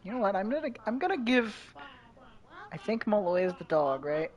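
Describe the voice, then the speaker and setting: A man's voice: high-pitched, very animated, normal speed, lo-fi sound. A man streaming a game with a friend, talking in a laid-back, offhand, joking way. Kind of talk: casual gameplay chat.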